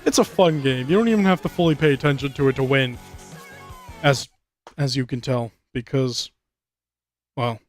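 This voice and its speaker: A man giving casual, profane commentary over a racing game, rambling and ranting with animated outbursts. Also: medium pitch, moderate pace, pauses often. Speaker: gaming commentator. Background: game music and car engines.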